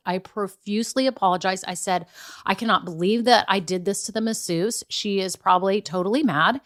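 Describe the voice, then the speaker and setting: A woman's voice: medium pitch, fairly quick, fairly bright tone. A middle-aged woman hosting a business podcast, telling stories in a chatty, earnest way and repeating her key points for emphasis. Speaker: podcast host, business coach. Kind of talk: casual motivational podcast talk.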